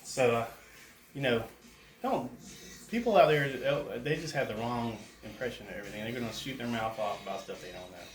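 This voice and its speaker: A man's voice: mid-range voice, a little fast. A man, chatting in a folksy, opinionated way while he works on a bee removal inside a house. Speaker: bee removal worker and vlogger. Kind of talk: casual rambling talk to camera. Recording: echoey room, faint background noise.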